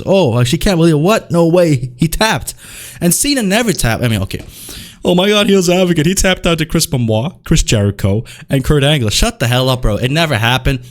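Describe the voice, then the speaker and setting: Exasperated young man ranting. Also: mid-range voice. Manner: exasperated, slangy, repeats "bro". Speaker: wrestling commentary host. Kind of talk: casual ranting commentary.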